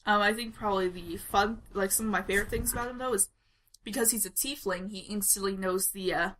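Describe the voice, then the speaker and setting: A woman's voice: mid-range voice, fairly quick, a bit bright, slight background noise. A woman on a tabletop game podcast, talking casually and at length about her character, with frequent giggles. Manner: rambling and giggly, explains at length. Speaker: player introducing her character.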